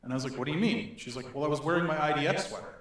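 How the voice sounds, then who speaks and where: Animated man telling a story in an echoey hall. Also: on the high side, rapid-fire. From Northern Alberta, Canada. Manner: animated, laughing, acts out quoted voices. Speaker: speaker. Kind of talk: storytelling to an audience. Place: synagogue hall.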